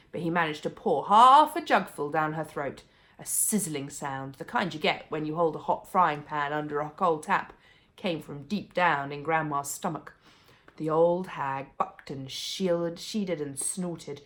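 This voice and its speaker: A woman reading a children's book aloud as a bedtime story, with expressive, animated storytelling. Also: deep voice.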